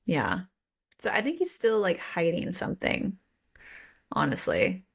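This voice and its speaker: A woman's voice: fairly low pitch, wildly swooping pitch, measured pace, creaky, husky. A woman co-hosting a podcast, recapping a book in casual chat with playful swearing and mock quotes. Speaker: podcast co-host.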